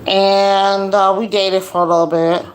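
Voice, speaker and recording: A woman losing her voice, livestreaming a casual personal talk in a slow, confiding way with preachy asides. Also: mid-range voice, level tone. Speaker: livestream host.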